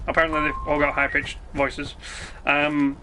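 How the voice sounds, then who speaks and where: A man's voice: on the high side, monotone, normal speed. Sweary rambling male streamer, noisy mix. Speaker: game streamer. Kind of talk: casual rant while gaming.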